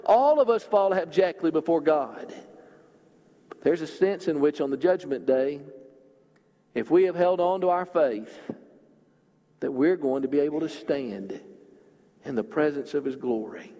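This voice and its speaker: Man, preacher, earnest sermon delivery, high voice, long hall reverb. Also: warm tone. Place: church auditorium.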